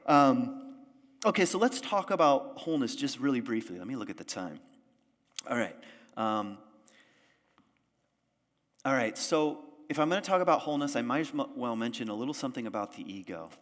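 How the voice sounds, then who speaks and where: A man's voice: medium pitch, lively intonation, moderate pace, long pauses, a bit bright. A male pastor giving a conversational sermon to a church audience, often asking them questions. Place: church sanctuary. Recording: long church reverb.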